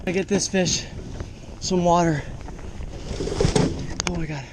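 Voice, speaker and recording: Man, fishing vlogger, high-pitched, enthusiastic, exclaiming, outdoors by the water, action-camera mic. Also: steady tone, takes it slowly, heavy background noise. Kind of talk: casual running commentary while fishing.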